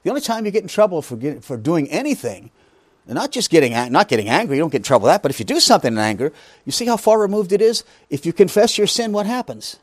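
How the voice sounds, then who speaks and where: A man's voice: a little high, sing-song, quick pace, dry recording, clean studio sound. A man preaching a Bible lesson, emphatic, asking rhetorical questions and making joking asides. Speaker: pastor teaching a Bible study. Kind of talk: sermon.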